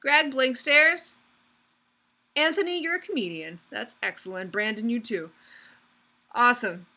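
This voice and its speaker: A woman's voice: a little high, measured pace, pushed and bright. A young woman teaching a live online class in an upbeat, chatty way, calling on students by name. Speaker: online course instructor.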